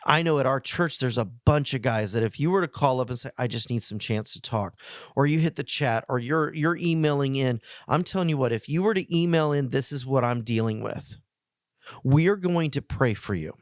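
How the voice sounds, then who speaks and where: A middle-aged male pastor giving a heartfelt, plainspoken message to men, earnest, with emotional pauses. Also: medium pitch, no echo, studio quality.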